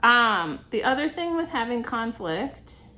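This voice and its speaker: A woman's voice: on the high side, big pitch swings, measured pace, sharp tone. A young woman giving a casual tarot reading, chatty and reassuring, laughing often. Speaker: tarot reader.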